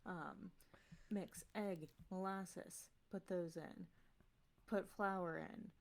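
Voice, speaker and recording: Sleepy, deadpan woman reading a recipe. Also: on the low side, very slow, a little hiss or hum. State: just woken up. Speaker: tournament competitor giving a promo. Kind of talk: rambling, offhand recipe reading.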